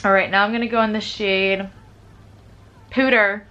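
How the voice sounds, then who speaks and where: A woman's voice: mid-range voice, level tone, fast talker, bright, forceful tone, clean tone, highs cut off. Chatty young woman doing a makeup tutorial. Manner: chatty, upbeat, says "like" often. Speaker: beauty vlogger.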